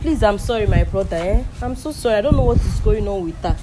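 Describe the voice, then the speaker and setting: A woman's voice: on the high side, expressive, moderate pace, close to an everyday voice. A woman playing a mediator who grills a girlfriend about her broke boyfriend in a comedy skit. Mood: consoling. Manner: questioning, pressing, then consoling. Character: nosy woman mediating a couple's quarrel. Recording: loud background noise.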